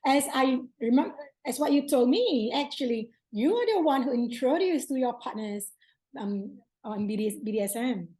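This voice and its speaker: A woman's voice: on the high side, expressive, moderate pace, warm tone. A woman hosting an interview, asking eager, curious questions. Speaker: host. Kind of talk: casual interview chat.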